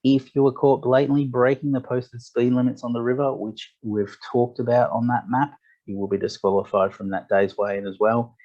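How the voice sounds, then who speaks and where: A man's voice: medium pitch, little pitch movement, normal speed, warm tone. A man running a tournament briefing, reading rules and team lists matter-of-factly with fillers. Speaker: tournament director. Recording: dull lo-fi audio.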